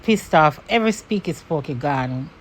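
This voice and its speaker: A Jamaican woman from Jamaica telling a personal story to camera in an animated way. She swears and slips into patois when she is angry. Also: low voice, normal speed, husky.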